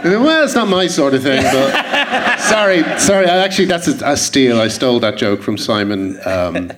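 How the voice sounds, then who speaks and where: A man's voice: medium pitch, big pitch swings, normal speed, heavy background noise. A man chatting as a guest, telling rambling anecdotes and laughing at his own stories. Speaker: guest, comedy writer. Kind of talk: casual chat on a live podcast. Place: theatre stage.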